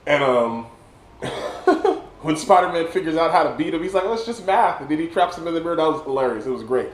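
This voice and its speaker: A man, a little drunk, reviewing a movie in a casual monologue, excited and rambling, stumbling over words and restarting often. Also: on the high side, fairly quick, reverberant, poor audio. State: tipsy.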